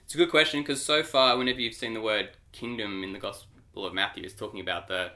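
A man co-hosting a church podcast and unpacking scripture for listeners. His voice is strikingly bright and forceful, sitting somewhat low. He explains with animated, teacherly energy. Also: fast talker. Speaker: Bible teacher. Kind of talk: podcast discussion.

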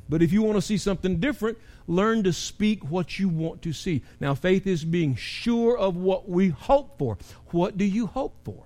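A pastor preaching a sermon in a church, animated, with rising and falling emphasis. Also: male voice, high-pitched, normal speed, hardly any pauses.

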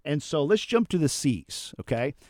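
A man in the host's chair of a casual talk show, animated and quick to act out what people say. His pitch rises and falls widely, and the sound is dry and close. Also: dry recording. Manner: animated, acts out quotes with sudden pitch jumps. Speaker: host. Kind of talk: casual podcast talk on personality types.

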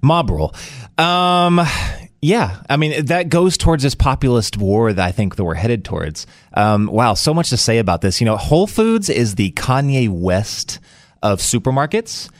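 A man's voice: normal speed, no room sound, clean studio sound. A young man co-hosting a talk radio show, telling funny stories with lots of energy. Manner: animated storyteller, jumps into high voices for quotes. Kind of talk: casual talk radio storytelling.

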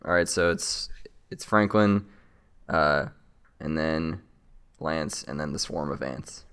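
A man's voice: a bass voice, slow, a bit bright, smooth. A man running a tabletop game as game master, laid-back and laughing often.

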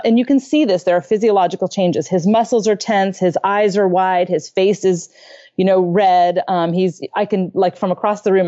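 A woman's voice: mid-range voice, warm tone, lo-fi sound. Earnest middle-aged woman telling a story. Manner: earnest, laughs often, acts out quotes. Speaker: parenting podcast guest. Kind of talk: conversational storytelling. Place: home bedroom.

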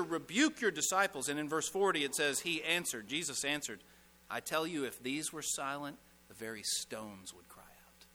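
A male pastor preaching a sermon with a bright, forceful, somewhat high voice. He is emphatic, asks rhetorical questions and drops to a hush on key lines. A long church-hall reverb trails his words. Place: church sanctuary.

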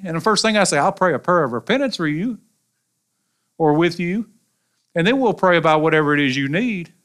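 A pastor with a Southern US accent preaching a sermon in a folksy, animated way with colloquial asides. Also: male voice, fairly high pitch. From American South.

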